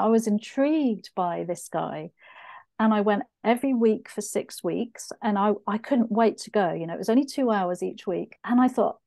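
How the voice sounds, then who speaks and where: A woman's voice: medium pitch, mellow, dry recording. A middle-aged woman, telling her story in an earnest, reflective way in an interview. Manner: earnest, reflective, acts out her own past thoughts. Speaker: author and interview guest.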